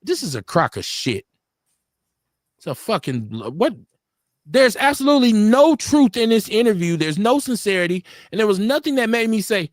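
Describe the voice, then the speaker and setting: A man's voice: high voice, very animated, normal speed, no echo, studio quality. A middle-aged man from Milwaukee hosting a casual live-stream talk show, telling street stories with blunt, profane slang. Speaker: radio show host.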